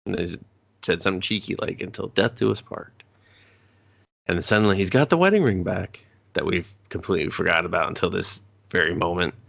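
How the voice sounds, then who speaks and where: A man's voice: deep voice, fast, creaky, a bit bright. A man co-hosting a casual movie review podcast, recapping the plot sarcastically and with lots of swearing. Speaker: podcast co-host.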